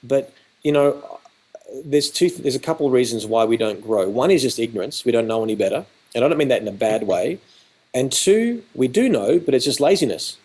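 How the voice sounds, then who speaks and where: An Australian man speaks at a middling pitch in a chatty, storytelling way on a video call. He acts out little back-and-forth exchanges as he goes, like an educator walking someone through a lesson. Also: lively intonation, brisk, darkish tone, husky. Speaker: photography educator. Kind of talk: animated conversational storytelling.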